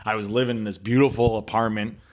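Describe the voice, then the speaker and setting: A man with a lowish voice tells a personal story as a guest on a talk show. He speaks earnestly, leaning on pauses and repetition for effect. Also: little pitch movement. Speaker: podcast guest. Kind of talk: storytelling interview answer.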